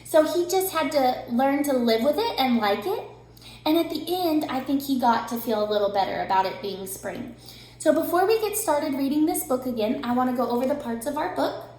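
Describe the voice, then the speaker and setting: A young woman teacher giving an online reading lesson to children, bright and encouraging. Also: high voice, lively intonation, brisk. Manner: bright, encouraging, sing-song. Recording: very echoey room.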